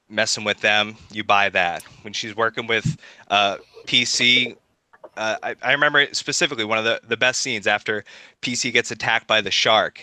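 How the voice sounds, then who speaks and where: A man's voice: fairly low pitch, bright, forceful tone, no room sound. A man in a casual podcast debate, combative and firm as he rebuts his opponent.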